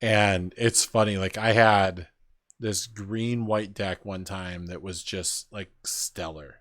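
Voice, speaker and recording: Male podcast host, very low voice, loose rambling delivery, dry close mic. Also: steady tone, slow, fairly bright tone, no room sound. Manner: rambling, filler-heavy storytelling. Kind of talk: casual chat.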